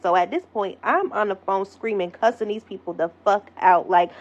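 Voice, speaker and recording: Profane, animated young woman telling a story. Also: mid-range voice. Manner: animated, profane, acts out quotes. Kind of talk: storytime monologue. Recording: slightly dull lo-fi audio.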